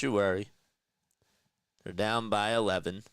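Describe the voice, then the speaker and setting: A young man streaming live play-by-play of a baseball game, chatting with his viewers between pitches and lifting his voice for each call. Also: a little slow, pauses often, fairly bright tone, smooth, no echo. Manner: pitch calls rise in pitch and energy. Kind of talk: live play-by-play commentary with chat.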